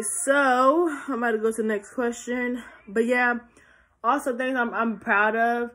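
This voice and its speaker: A woman's voice: medium pitch, fairly bright tone. A teenage girl answering viewer questions in a casual vlog, chatty and rambling with many restarts, sounding tired. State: tired and yawning. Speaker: vlogger. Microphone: phone.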